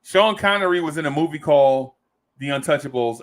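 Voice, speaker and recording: This fan stream host has a voice on the high side and talks fairly quickly. Reading viewers' comments aloud with a playful air, he laughs easily and tends to repeat himself.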